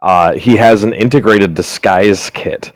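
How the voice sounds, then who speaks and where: Hesitant low-voiced man at a game table. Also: a little slow, low-quality recording. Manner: hesitant, apologetic, many restarts. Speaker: player. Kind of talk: casual chat at a tabletop game.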